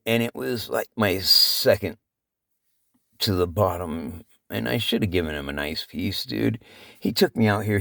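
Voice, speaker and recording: Tearful male vlogger, low gravelly voice that cracks, rambling and cursing. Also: dry recording, studio quality. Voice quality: voice cracking, breaking into high pitch. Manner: swearing, rambling, heartfelt. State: crying. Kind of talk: emotional casual vlog talk.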